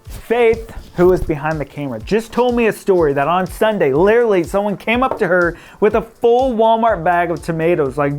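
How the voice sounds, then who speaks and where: A man's voice: high-pitched, lively intonation, moderate pace, a little mellow, soft background music. A man from the Midwest, a real estate broker talking casually to camera, playful and chatty, often laughing and acting out what people say.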